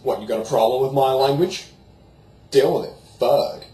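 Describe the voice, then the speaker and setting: A man's voice: mid-range voice, moderate pace, warm tone, lightly acted. A young man putting on a goofy, dim-witted young guy who rants in a crude, profane slacker drawl. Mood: ranting. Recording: roomy echo, faint background noise.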